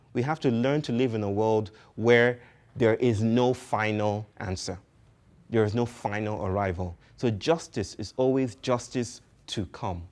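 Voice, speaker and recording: A man's voice: medium pitch, darkish tone. Poetic man giving a public talk. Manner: poetic, philosophical, emphatic with repetition. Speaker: speaker.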